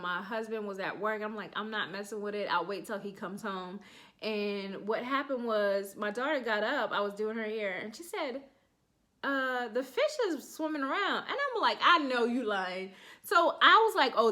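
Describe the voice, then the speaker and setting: Host: woman in her thirties, relaxed anecdotal delivery, acts out dialogue with laughs. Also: medium pitch. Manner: chatty, laughing, acts out quotes. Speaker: podcast host. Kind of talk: casual storytelling.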